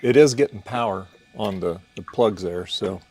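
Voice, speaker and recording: Low-voiced man talking through a repair. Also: normal speed, creaky, a little mellow, husky. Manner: explains repair steps while working. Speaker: host. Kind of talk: casual live-stream chat.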